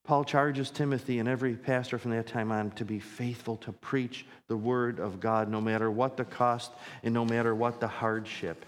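A man's voice: mid-range voice, little pitch movement, normal speed, hardly any pauses, in a large hall. A man preaching a sermon as pastor, earnest and repeating phrases for emphasis as his intensity builds.

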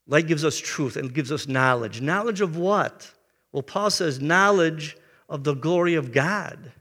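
A man in his seventies, a pastor preaching a sermon and telling a personal story earnestly, clearing his throat often. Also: on the high side, animated, a little slow, fairly bright tone, in a large hall. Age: 70s.

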